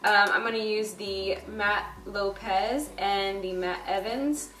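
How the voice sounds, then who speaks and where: A woman's voice: medium pitch, slow, sharp tone, recorded from a distance. Young female beauty vlogger, chatty and bubbly, echoey room, slightly off-mic, faint music behind. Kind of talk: casual makeup tutorial talk. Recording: roomy echo, a bit off-mic. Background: faint background music.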